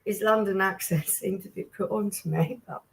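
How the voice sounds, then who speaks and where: A speaker joins a casual beer chat with measured, laid-back remarks. The voice sits at an ordinary middle pitch. They add calm comments to the banter. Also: a crowd in the background.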